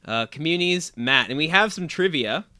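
A man's voice: a little high, lively intonation, normal speed, pushed and bright, no room sound. A man co-hosting a podcast in casual chat, reading listener emails aloud and laughing often.

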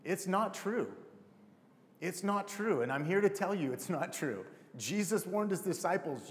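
A man's voice: high voice, lively intonation, normal speed, in a large hall. A man preaching a casual, heartfelt sermon to a congregation, calling them "you guys". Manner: casual, emotional, addresses crowd as "you guys". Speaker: pastor.

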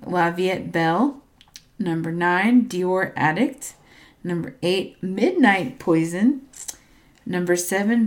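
A woman's voice: lowish voice, a little hiss or hum. A woman chatting casually as she reads out a ranked list, often unsure and stumbling on names, with small asides. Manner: hesitant, unsure pronunciations, trailing asides.

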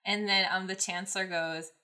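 Bright, rambling woman podcast host. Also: medium pitch, fairly even intonation, moderate pace. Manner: rambling, many ums and likes, laughing. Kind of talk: casual fanfic recap and reading.

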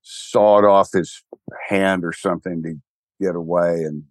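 A man's voice: low-pitched, steady tone, measured pace, no echo. Older texan guy rambling in a chat, wry, lots of restarts, dry close sound. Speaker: guest, church co-founder. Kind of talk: casual interview chat.

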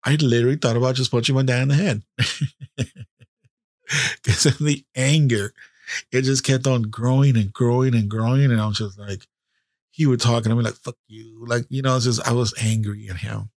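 Gravelly man in his fifties, swearing. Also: medium pitch, fairly even intonation, moderate pace, long pauses, a little mellow, no room sound, studio quality. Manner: candid, heavy swearing. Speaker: podcast host. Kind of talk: casual personal storytelling.

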